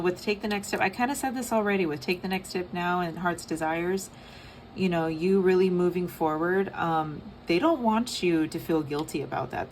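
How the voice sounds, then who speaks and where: A young woman giving a casual tarot reading, soft and rambling with many fillers. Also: low voice, a little hiss or hum. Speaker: tarot reader.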